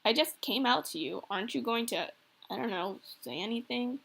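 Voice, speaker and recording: Girl doing a flustered sarcastic teen boy, embarrassed by everything, kinda high voice. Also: animated, moderate pace, creaky, a bit bright, breathy edge, heavily acted. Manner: flustered, exasperated.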